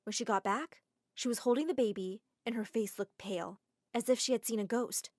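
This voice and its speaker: Expressive woman narrating an animated drama. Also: fairly high pitch, brisk, dry recording, studio quality. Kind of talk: first-person animated story narration.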